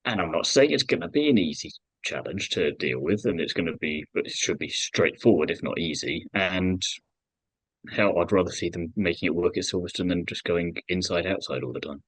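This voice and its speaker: Give me a deep-voiced man co-hosting a podcast, rambling and opinionated, with a dry close sound. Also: brisk, slightly rough, no room sound, poor audio. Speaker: podcast co-host. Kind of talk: casual podcast chat.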